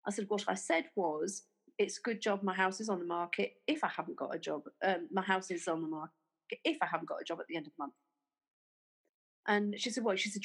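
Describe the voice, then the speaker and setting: A woman's voice: mid-range voice, fairly bright tone, slightly rough, rough recording. Woman retelling a workplace row. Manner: retells arguments by acting out quoted dialogue; halting, with fillers and restarts. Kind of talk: casual conversational storytelling.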